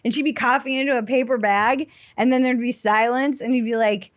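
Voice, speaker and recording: A middle-aged woman hosting a podcast, telling stories in a casual, animated way and acting out the people in them. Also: a little high, a little fast, no room sound, clean studio sound. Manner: animated storyteller, acts out voices. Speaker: podcast host. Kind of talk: casual storytelling chat.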